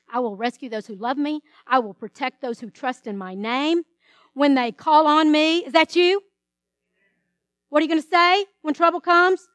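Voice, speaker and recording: Female pastor, middle-aged, high voice, emphatic sermon delivery, dry recording. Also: no echo. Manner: preaching with dramatic quoted voices and emphatic scripture reading.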